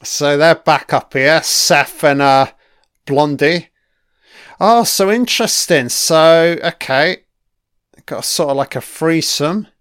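Slow-talking man, swearing freely. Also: on the high side, fairly bright tone, clear, resonant tone, no echo, studio quality. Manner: swears freely, chatty, laughs often. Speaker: TV episode commentator. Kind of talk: casual audio commentary.

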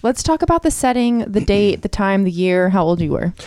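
A giggly, teasing woman chats casually as a guest. Her voice is mellow and mid-pitched, and it is recorded close and dry. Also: big pitch swings, fairly quick, dry recording. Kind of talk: casual chat.

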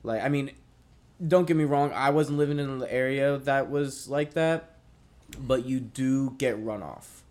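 A man's voice: medium pitch, a little slow, darkish tone. A young man telling a story in casual chat, rambling and swearing, with lots of fillers. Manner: rambling, profane, many fillers.

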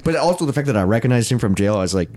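A young man talks casually on a podcast in a middle-pitched voice, close and dry on the mic. He rambles, swears a lot and restarts his sentences often. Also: animated, rapid-fire, a little mellow, no echo. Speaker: podcast co-host. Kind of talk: casual chat, storytelling.

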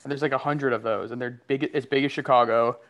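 A man's voice: medium pitch, steady tone, fast talker, a bit bright. Laid-back man in casual chat. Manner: laid-back, many "like" fillers, laughs easily. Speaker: podcast co-host.

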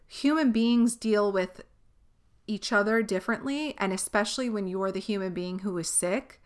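A woman's voice: mid-range voice, normal speed, smooth. A young woman hosting a podcast, talking candidly and at length in a rambling, casual way, with frequent swearing. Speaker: podcast host. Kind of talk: personal monologue.

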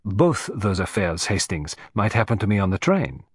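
A man's voice: on the low side, very animated, breathy edge, no echo. A man putting on Hercule Poirot, precise and ironic. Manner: precise, measured, lightly ironic. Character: fussy, precise male Belgian detective, middle-aged.

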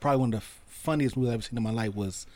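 A man co-hosting a casual podcast, talking very fast at a middle pitch. He tells his story with quick, eager energy. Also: darkish tone, no room sound. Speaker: podcast co-host. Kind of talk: casual chat.

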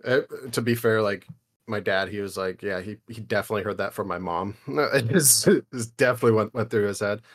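A man's voice: lowish voice, fairly quick. A young man co-hosting a casual podcast, telling crude stories in a rambling, jokey way. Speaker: podcast co-host.

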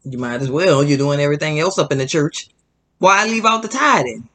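A man's voice: a little high, expressive, brisk, a bit bright. A man hosting indignant religious commentary, talking straight to his viewers with emphatic repetition and a fired-up, preachy delivery. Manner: fired-up, preachy, addresses audience as "y'all". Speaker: Christian commentary host.

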